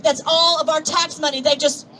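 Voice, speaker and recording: High-voiced preachy woman. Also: fairly even intonation, normal speed. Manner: preachy, calls out to the crowd, swings between soft asides and shouts. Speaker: rally speaker. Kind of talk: impassioned outdoor rally speech with scripture reading. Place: outdoor plaza at a protest march. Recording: distant outdoor recording with crowd noise. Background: murmuring crowd and street noise.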